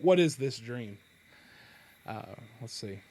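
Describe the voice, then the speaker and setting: A male podcast host reads a novel aloud at an ordinary middle pitch. He stops often to correct himself and chuckles as he goes. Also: expressive, a little mellow. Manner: halting, self-correcting reading with chuckles. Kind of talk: reading a novel aloud with commentary.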